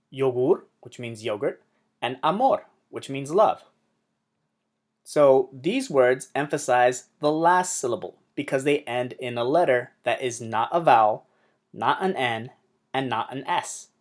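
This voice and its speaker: A male language teacher talks slowly and carefully, pausing between short phrases. His voice sits in an ordinary middle range. He says example words twice to set the wrong stress against the right one. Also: mid-range voice. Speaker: Spanish teacher. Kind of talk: slow explanatory lesson.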